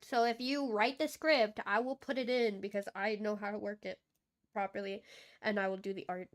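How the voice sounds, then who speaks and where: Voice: medium pitch, steady tone, moderate pace. A VTuber chatting casually on a game stream, playful and giggly, laughing often between remarks.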